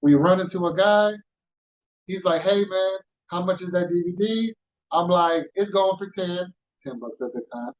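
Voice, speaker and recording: Man from Houston, fairly high voice, animated storyteller, slightly muffled sound. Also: normal speed. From Houston, Texas. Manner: animated storyteller, acts out quoted voices, street slang. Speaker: podcast guest. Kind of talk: casual storytelling.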